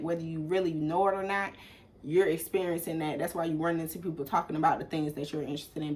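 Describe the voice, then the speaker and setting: Animated Atlanta woman telling a story. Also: a little hiss or hum. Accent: Southern US, Atlanta. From Atlanta, USA. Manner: animated, swearing, acts out quoted people in sudden loud high bursts. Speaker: vlogger. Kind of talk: casual storytelling monologue.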